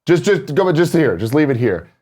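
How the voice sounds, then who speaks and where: A man's voice: on the high side, big pitch swings, moderate pace, darkish tone. A man co-hosting a casual talk show, telling a playful story about his household. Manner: playful, mock-defiant. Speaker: show co-host.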